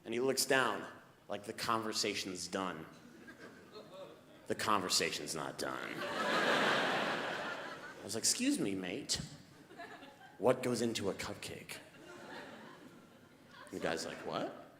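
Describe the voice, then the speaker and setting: A man telling stand-up stories, swinging from low muttering to yelling rants. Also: big pitch swings, slow pace, pauses often. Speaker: stand-up comedian. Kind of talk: stand-up storytelling. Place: live comedy stage in a hall. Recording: echoey hall with background noise.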